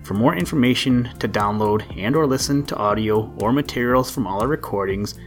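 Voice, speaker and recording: A man narrating a children's animal story for a reading podcast, steady and measured. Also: mid-range voice, faint music behind.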